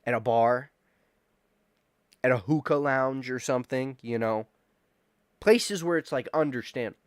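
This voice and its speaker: A man's voice: mid-range voice, a little slow, clean tone, no echo, clean studio sound. A man in his twenties streaming casual chat, rambling, swearing and repeating himself as he reacts to chat. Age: 20s.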